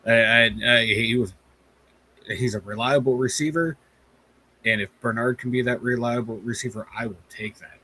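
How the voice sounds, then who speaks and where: A man's voice: medium pitch, fairly even intonation, moderate pace, bright, forceful tone, slight background noise, low-quality recording. A man co-hosting a live sports podcast, giving blunt, casual opinions with some swearing. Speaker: podcast co-host.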